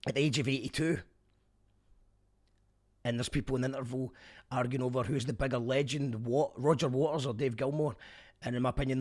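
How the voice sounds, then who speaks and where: A Scottish man in his younger adult years, talking through a concert review in a loose, conversational way. His voice sits at an ordinary middle pitch, and he drops the odd dry, wry joke as he goes. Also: breathy edge. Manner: chatty, wry asides. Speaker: podcast host. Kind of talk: casual spoken review.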